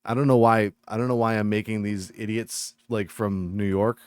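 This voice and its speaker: A man's voice: on the low side, steady tone, moderate pace, a little mellow, clean tone, dry recording, studio quality. A man from Massachusetts chatting and ranting on a live game stream, reading viewer chat aloud.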